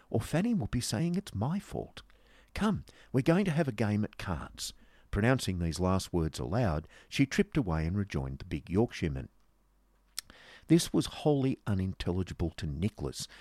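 A man narrating a classic novel as an audiobook, in an expressive storytelling manner. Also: sits low, dry recording, clean studio sound.

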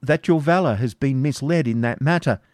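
In a clean, dry studio recording, a man with a mid-range, slightly mellow voice speaks at normal speed, pitching his natural voice higher than usual. He plays a timid old moneylender from a storybook who stammers as he pleads and begs.

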